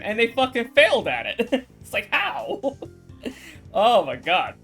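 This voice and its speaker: A woman's voice: medium pitch, big pitch swings, a little slow, a bit bright, soft background music. A woman streamer in casual chat with her viewers, swearing, rambling and laughing often.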